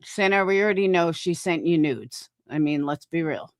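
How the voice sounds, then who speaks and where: A woman's voice: fairly low pitch, normal speed. Blunt, mocking woman in her forties. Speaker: stream host reviewing clips. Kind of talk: casual reaction commentary.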